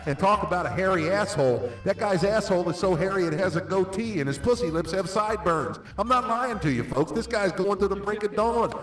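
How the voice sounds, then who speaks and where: A man's voice: animated, fairly quick, few pauses, a bit bright. Man with a radio voice roasting everyone. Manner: booming, theatrical insults. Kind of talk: insult comedy roast. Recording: echoey distant voice chat with faint music.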